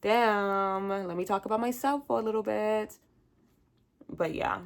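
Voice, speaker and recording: Chatty young woman with a gravelly voice. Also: medium pitch, measured pace. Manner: chatty, rambling, candid. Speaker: podcast host. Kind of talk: casual solo chat.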